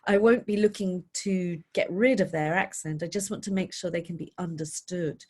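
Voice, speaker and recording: A British woman, a voice coach, giving expressive advice in a webinar question-and-answer session. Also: fairly low pitch.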